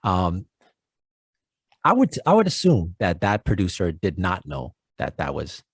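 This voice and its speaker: Deep-voiced relaxed man co-host. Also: measured pace, breathy edge, no echo, clean studio sound. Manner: relaxed, affirming, many fillers. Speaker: podcast co-host. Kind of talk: casual sports chat.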